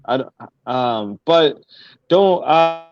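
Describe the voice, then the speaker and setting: A young man from Houston, a guest rapper chatting casually, halting and full of fillers. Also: on the high side, animated. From Houston, Texas. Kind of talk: casual interview chat. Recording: dry, slightly muffled audio.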